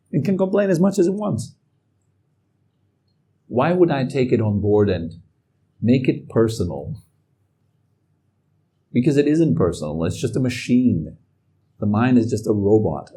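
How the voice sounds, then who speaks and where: A man giving a calm, reflective talk as a meditation teacher. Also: lowish voice, unhurried, long pauses, husky. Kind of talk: dharma talk.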